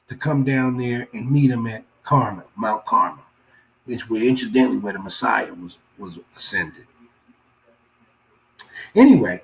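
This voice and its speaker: A man acting as a Bible teacher, reading scripture aloud and adding commentary. He reads slowly, restarts phrases and breaks in with casual asides. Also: mid-range voice, low-quality recording.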